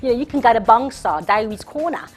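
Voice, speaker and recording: A tough, mouthy young city girl, as a woman puts her on, loud and brassy, pitched up high and full of attitude. She fires off slangy complaints in a comic sketch voice. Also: lively intonation, quick pace, close to an everyday voice. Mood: defiant.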